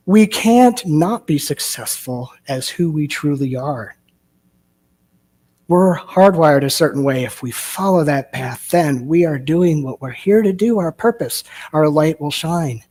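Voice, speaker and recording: A man's voice: on the high side, lively intonation, a little slow, a little mellow. A male minister giving a sermon, telling a story and asking rhetorical questions. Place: church sanctuary.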